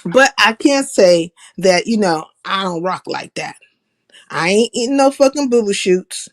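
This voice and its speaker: A woman's voice: mid-range voice, lively intonation, a little slow. A woman hosting a live stream, giving a blunt, profane monologue and laughing at her own jokes. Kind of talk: casual opinionated monologue.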